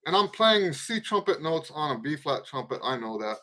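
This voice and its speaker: A man's voice: on the high side, big pitch swings, moderate pace, bright, forceful tone. A middle-aged man teaching trumpet in a live question-and-answer stream, talking loosely through his points and singing out tonguing syllables. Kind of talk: casual spoken lesson with playing demonstrations.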